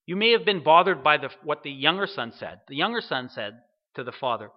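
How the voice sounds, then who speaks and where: A man's voice: on the high side, big pitch swings, fairly quick, lo-fi sound. A man preaching a sermon, reading scripture aloud and putting questions to his listeners. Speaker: pastor.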